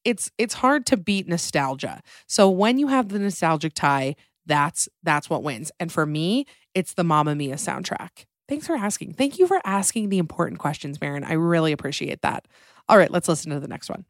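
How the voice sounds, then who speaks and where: A woman's voice: lowish voice, sing-song, moderate pace, no echo, clean studio sound. A young woman hosting a casual podcast, chatty and playful, acting out quotes. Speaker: podcast host.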